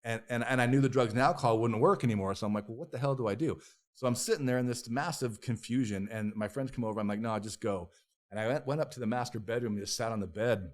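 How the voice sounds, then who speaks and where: A man appearing as a podcast guest tells a candid personal story rawly, profanely, and with emotion, speaking fast at a medium pitch with hardly any pauses. He stumbles through restarts and repeated words, and voices his own past thoughts as quoted self-talk.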